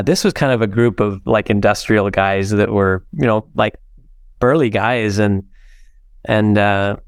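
A man's voice: lowish voice, smooth, dry recording, studio quality. An older man from the United States, a podcast guest telling heartfelt stories in an earnest way. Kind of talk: interview storytelling.

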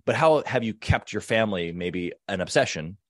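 A man's voice: on the low side, expressive, normal speed, dry recording, studio quality. A man hosting a podcast interview, talking conversationally and affirming his guest often. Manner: affirming, conversational, frequent agreement. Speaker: podcast host.

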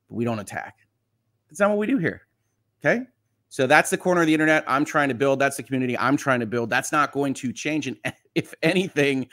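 A man hosting a casual livestream, reading viewer comments aloud and answering them one by one. He sounds reassuring and jokes along the way, at a pitch in the middle of the male range. His loudness swings from soft asides to emphatic lines. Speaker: livestream host.

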